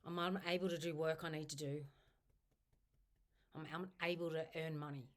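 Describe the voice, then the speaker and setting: Guiding listeners through a tapping script, a low-pitched instructor from Australia repeats steady phrases. Her affirmations are slow, repetitive and spoken in the first person as part of the self-help routine.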